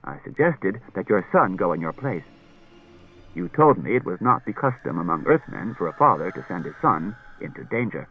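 A composed robot detective reasons quietly in a low, soft voice, as a male narrator puts him on. Every word is measured and even, with a slightly husky edge. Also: phone-quality sound, full character voice. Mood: calm.

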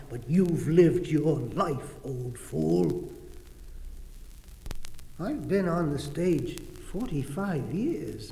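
A boozy old stage actor. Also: male voice, fairly high pitch, vocal fry, full character voice. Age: older. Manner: theatrical, lurching between mutters and outbursts. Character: drunken aging male stage actor, 68, maudlin. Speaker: actor in audio drama. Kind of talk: dramatic stage monologue. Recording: roomy hall reverb with faint music.

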